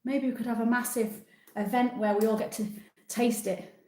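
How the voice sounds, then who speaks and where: A woman in her sixties runs a casual live stream, reading out viewer comments and answering each one in a chatty, self-deprecating way. Her voice sits a little on the high side. The sound carries a noticeable room echo. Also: steady tone, normal speed, darkish tone. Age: 60s.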